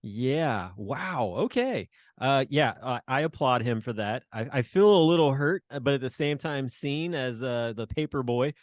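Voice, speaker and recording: A man's voice: mid-range voice, expressive, no room sound, clean studio sound. A man co-hosting a podcast, reacting with frequent laughter and short joking comments. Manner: laughs readily, quick reactive quips. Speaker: podcast co-host. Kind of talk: casual chat.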